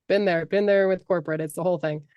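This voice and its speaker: A middle-aged woman, a life coach, speaking as a podcast guest in a passionate, animated way on a close microphone. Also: fairly low pitch, a little fast, dry recording. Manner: passionate, animated, acts out voices. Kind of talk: podcast interview.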